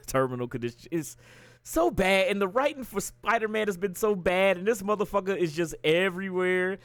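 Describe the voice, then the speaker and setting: This man's voice sits high and moves fairly quickly in a dry recording. While livestreaming a casual chat, he retells a story as a rant, animated and full of swearing.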